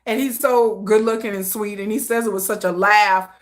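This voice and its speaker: A woman's voice: mid-range voice, moderate pace. A woman hosting a casual livestream chat, talking in a slangy, conversational way and laughing often between her thoughts. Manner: chatty, laughs often, animated asides. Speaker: livestream host.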